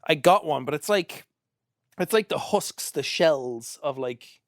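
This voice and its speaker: Animated rambling man, dry close sound. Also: on the high side, unhurried, dry recording. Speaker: podcast co-host. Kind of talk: casual chat. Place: indoors, in person.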